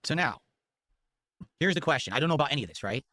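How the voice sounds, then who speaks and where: A man narrating a video in a fast explanatory commentary style, emphatic and checking in with "right?" and "okay?". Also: on the high side, big pitch swings, sharp tone. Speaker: documentary narrator.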